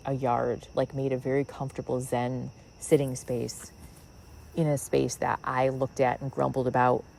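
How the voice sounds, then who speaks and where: A woman's voice: extremely low pitch, gravelly, mellow, slight background noise, poor audio. A woman hosting a spiritual podcast, talking outdoors in her backyard in a rambling, musing way with many fillers. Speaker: podcast host. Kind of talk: reflective spiritual monologue.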